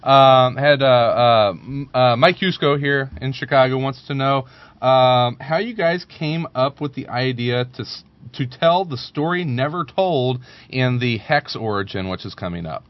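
A man co-hosting a podcast, passing on audience questions in a relaxed, casual way. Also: mid-range voice, a little slow, no echo. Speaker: podcast co-host. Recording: dry muffled lo-fi audio.

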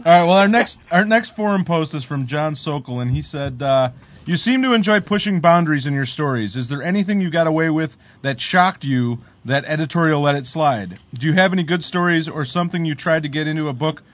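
A man's voice: on the high side, lively intonation, brisk. A man hosting a podcast, chatting casually, telling a story and reading listener questions. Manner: laughs often, chatty. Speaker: podcast host. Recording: muffled lo-fi audio.

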